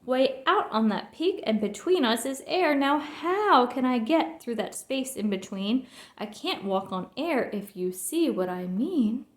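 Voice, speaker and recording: Woman doing a gentle, fretful elephant. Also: high voice, lively intonation, measured pace. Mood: pleading. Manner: pleading, fretful. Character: big gentle male elephant, weary and honest. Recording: roomy echo.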